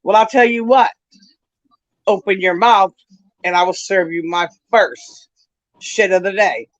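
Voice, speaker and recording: A woman's voice: medium pitch, measured pace, no room sound, lo-fi sound. A woman hosting a casual livestream chat, telling brash, profane stories and often breaking into laughter. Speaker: livestream host.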